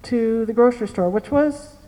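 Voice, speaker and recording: A woman with a high, mellow voice preaches a sermon, telling a story and repeating her key phrases. Her voice carries a long reverb from a large hall. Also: moderate pace.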